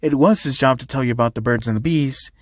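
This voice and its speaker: A man voicing a patient, fatherly school principal with a calm, measured manner. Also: medium pitch, no room sound, studio quality, voice pushed down, close to an everyday voice.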